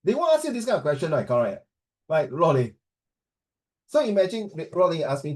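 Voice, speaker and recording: A male teacher coaches a class with animated energy. His voice sits a little high but sounds mellow and warm. He mixes with Mandarin and acts out sample interview answers. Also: a little fast, long pauses, low-quality recording.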